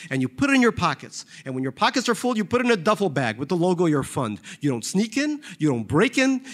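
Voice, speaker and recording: A man reading a novel aloud, voicing a calm, reproachful younger friend who speaks in a quiet, measured and blunt way. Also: fairly high pitch.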